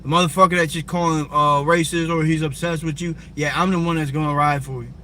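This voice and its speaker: A man's voice: fairly high pitch, steady tone, fast talker, bright, forceful tone, slight background noise. A man from Brooklyn, ranting on a livestream in a confrontational, profane way and firing rhetorical questions at viewers. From Brooklyn, New York. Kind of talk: heated livestream rant answering viewers. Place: parked car on a city street. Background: faint music playing.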